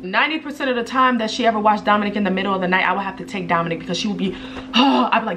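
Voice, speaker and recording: A young woman vlogging to camera, telling a personal story bluntly, her voice rising when she quotes people and dropping low and quiet when she confides. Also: quick pace, slight background noise. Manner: blunt and direct, swinging between raised animated quotes and low quiet confiding.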